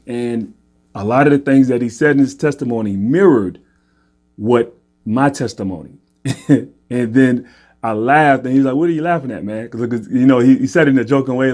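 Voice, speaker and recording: A man's voice: medium pitch, darkish tone. A man casually telling a personal faith story, earnest and often repeating himself, checking in with "right?". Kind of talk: casual testimony monologue.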